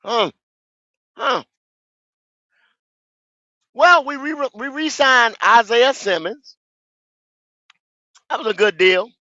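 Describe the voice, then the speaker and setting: A man, hosting a fan podcast, ranting in a profane, repetitive way with sudden shouts. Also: extremely high pitch, slow, long pauses, no echo, lo-fi sound. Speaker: podcast host. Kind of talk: football fan podcast rant.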